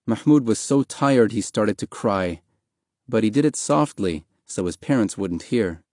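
A man narrating an audiobook in a calm, even, measured reading voice. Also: lowish voice, dry recording, clean studio sound.

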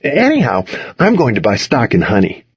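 A man's voice: mid-range voice, wildly swooping pitch, moderate pace, breathy edge, lo-fi sound, pitched above the performer's own voice, exaggerated voice. A man voicing a witty, smug teenage boy who talks in a cheerful, wisecracking way.

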